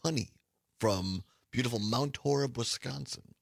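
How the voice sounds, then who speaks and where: Raspy hoarse guy hosting a talk radio show, stops and restarts a lot, dry close sound. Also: mid-range voice, no room sound. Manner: halting, restarts often.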